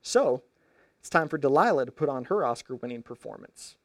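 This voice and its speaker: A man preaching a storytelling sermon in a conversational, animated way with slangy asides. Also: medium pitch, a little fast, creaky, no room sound.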